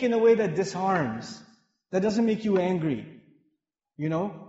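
Male preacher from Pakistan, lively humorous sermon, long hall reverb. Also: high-pitched, a little slow. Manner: animated, humorous storytelling. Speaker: mosque lecturer. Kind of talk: sermon with personal stories. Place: mosque hall with women's gallery upstairs. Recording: echoey hall, dull sound.

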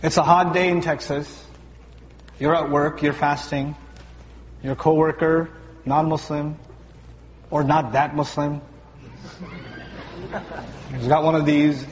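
At a Ramadan talk, a man with a fairly high voice gives a lively, joking sermon to a young audience, speaking slowly with frequent pauses. He's animated, acting out everyday scenes in funny voices, and his pitch climbs when he's emphatic. A long reverb fills the large hall, the sound a bit dull over faint room noise.

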